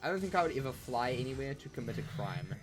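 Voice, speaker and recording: Over soft background music, a man streams a game and chats casually with viewers, playful, jokey, rambling, and full of fillers. His mid-range voice is very animated and quick.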